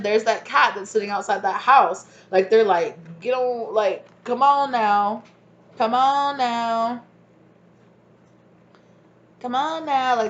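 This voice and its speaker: A woman's voice: medium pitch, highs cut off, a little hiss or hum. A woman giving a casual tarot reading to her viewers, rambling and chatty, laughing often and calling them y'all. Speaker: tarot reader.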